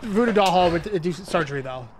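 Fast, animated man playing a game. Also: sits high, crowd noise. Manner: teasing, quick and animated. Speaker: gaming streamer. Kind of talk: casual co-op game chat.

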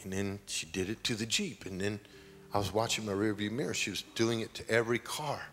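A middle-aged man, preaching a sermon as pastor with slow, dramatic storytelling and sudden loud peaks. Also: lowish voice, slight background noise. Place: large church sanctuary. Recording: long hall reverb.

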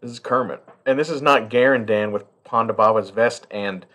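A man's voice: on the low side, normal speed, fairly bright tone. A middle-aged man chatting casually and profanely as he unboxes a toy collector's gift, rambling and heartfelt.

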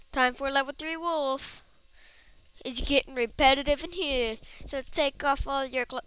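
A woman's voice: on the high side, unhurried, fairly bright tone, smooth. A woman giving goofy, rambling commentary on her gameplay, humming silly sound effects between lines. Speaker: game video player.

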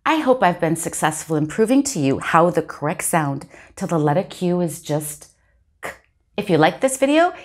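A woman teaching phonics in a video lesson, spelling out and sounding letter sounds slowly and deliberately. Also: medium pitch, darkish tone.

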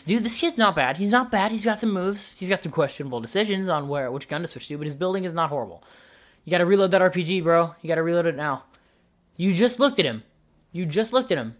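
A man giving casual, chatty commentary on gameplay, excitedly calling out moves and tossing in "dude" and "bro.". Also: sits high. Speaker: gaming YouTuber.

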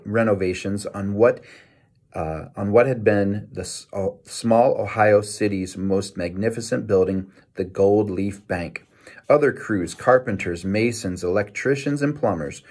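A man reading a children's novel aloud in a lively storytelling manner, with small self-corrections. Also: on the low side. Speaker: reader.

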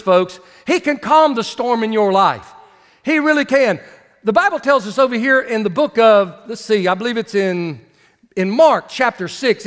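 High-voiced preacher in a reverberant church. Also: male voice, fairly bright tone. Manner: preachy, calls out to the congregation. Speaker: pastor. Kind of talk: sermon. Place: church sanctuary. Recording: long reverb of a church hall.

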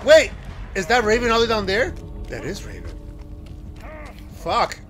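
A man streaming a horror game, reacting with loud exclamations and frequent laughter. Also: high voice, huge pitch swings, normal speed, faint music behind, low-quality recording. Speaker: livestreamer. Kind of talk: excited gameplay commentary.

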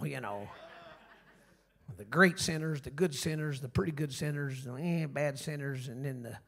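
A man, preaching a revival sermon and telling a story, swinging from shouts down to near-whispers. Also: medium pitch, moderate pace, vocal fry. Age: 60s. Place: church sanctuary.

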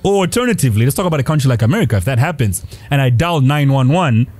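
A young man from Zambia co-hosting a podcast in casual chat, animated and laughing often, with sudden high-pitched emphasis. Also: racing. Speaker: podcast co-host.

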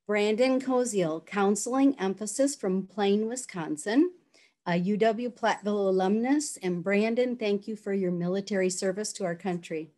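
A woman's voice: medium pitch, warm tone. Woman giving a formal graduation address. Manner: measured, congratulatory. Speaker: education program speaker. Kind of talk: formal commencement speech and name reading.

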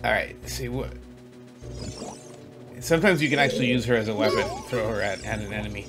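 A man's voice: lowish voice, fairly quick. A man giving casual playthrough commentary, chatty and self-deprecating, laughing at his own slips. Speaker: gaming channel host. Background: game music.

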